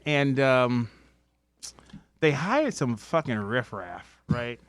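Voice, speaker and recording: A man's voice: medium pitch, slow, no echo. A middle-aged man telling a workplace story in a casual, profane way, swearing freely and acting out what he said in anger. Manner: animated, swears freely, acts out angry quotes. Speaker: podcast guest, restaurant veteran.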